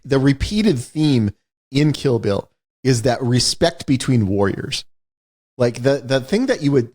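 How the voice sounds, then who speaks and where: A man's voice: medium pitch, a little mellow. A man co-hosting a podcast, casually explaining themes in films with frequent restarts. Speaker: podcast co-host. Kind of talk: casual film discussion.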